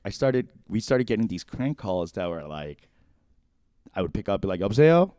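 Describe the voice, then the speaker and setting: Low-voiced man rambling through a story. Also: moderate pace, clean tone, no room sound, studio quality. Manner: rambling, heavy use of "like", animated, then quiet and shaken. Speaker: podcast co-host. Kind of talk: casual storytelling chat.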